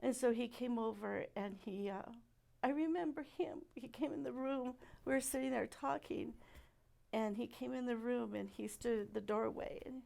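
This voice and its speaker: Gravelly, halting middle-aged woman. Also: a little high. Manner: halting and soft-spoken, many pauses and fillers. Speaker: church member giving testimony. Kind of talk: personal testimony.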